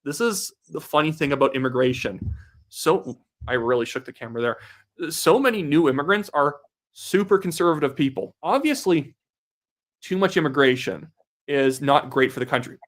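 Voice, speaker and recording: A man's voice: a little high, expressive, moderate pace. Young man hosting casual election commentary. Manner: casual, reads viewer donations aloud and reacts. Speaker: livestream host. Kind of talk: live election-night commentary.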